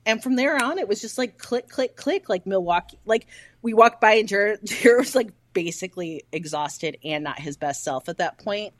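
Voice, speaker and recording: A woman from the American Midwest, a podcast co-host telling a casual, animated story and acting out the dialogue. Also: medium pitch, moderate pace, no echo, studio quality. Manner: animated, acts out quoted dialogue, swears casually.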